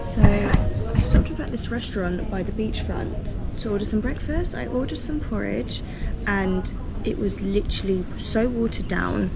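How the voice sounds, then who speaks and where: A woman's voice: medium pitch, a little slow, creaky, over loud music. A young woman chatting casually as she vlogs her travels, gushing over what she sees. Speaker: travel vlogger. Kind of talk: casual travel vlog narration.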